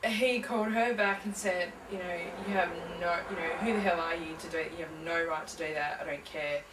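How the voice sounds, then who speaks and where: A woman's voice: lowish voice, steady tone, fairly quick, noisy background. A young adult woman being interviewed, telling her story casually with many fillers and restarts. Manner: hesitant, full of fillers and restarts. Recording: echoey room, mic from a distance.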